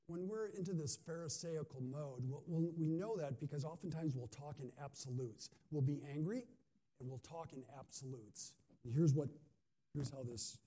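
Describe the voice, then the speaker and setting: A man's voice: fairly high pitch, warm tone, slightly rough. A male pastor giving a conversational sermon, often asking his listeners questions. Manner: conversational, asks the audience questions.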